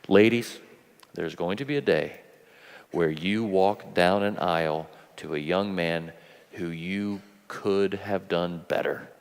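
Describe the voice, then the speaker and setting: A man preaching a sermon at a youth conference, animated and playful, acting out voices as he goes. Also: deep voice, creaky. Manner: animated, acts out quoted voices, laughs often. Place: large conference hall. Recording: long hall reverb.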